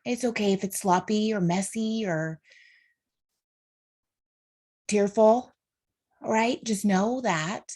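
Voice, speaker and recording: A woman's voice: medium pitch, darkish tone. Casting note: woman in her thirties, heartfelt solo podcast host, mid-range voice, sincere and direct. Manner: earnest, heartfelt, talks straight to listeners; faith-based encouragement. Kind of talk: solo motivational podcast monologue.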